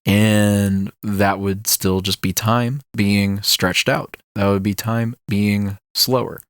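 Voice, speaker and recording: A young man with a fairly low voice hosts his own podcast. He rambles through ideas with plenty of ums and likes. The recording is dry and close, with no room sound. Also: steady tone, slow pace, a bit bright, no room sound. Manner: rambling, filler-heavy, musing about ideas. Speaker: podcast host. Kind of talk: casual solo podcast talk.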